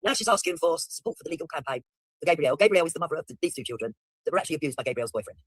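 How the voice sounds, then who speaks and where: A man's voice: on the high side, expressive, racing, no room sound, studio quality, faint music behind. A man giving blunt, mocking, profane commentary while reacting to a video.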